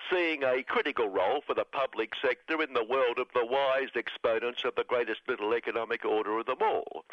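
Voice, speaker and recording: A man's voice: medium pitch, no room sound. A man reads a satirical radio commentary in a sarcastic, mock-solemn voice. The sound is dry and close, with little room around it. The broadcast is dull and lo-fi. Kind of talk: scripted satirical monologue.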